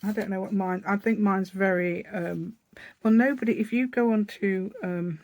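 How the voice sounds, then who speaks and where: A craft channel host from the East Midlands of England chats and rambles as she works through a paper craft project step by step, thinking aloud in a casual tutorial. Her voice is mid-range and a little mellow, with a steady tone and a moderate pace.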